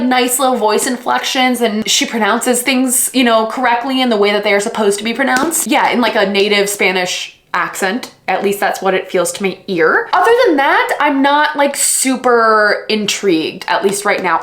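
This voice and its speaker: A young woman hosting a casual reading vlog, talking in an animated, gushing way with lots of fillers. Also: on the high side, a little hiss or hum. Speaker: vlog host. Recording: echoey room.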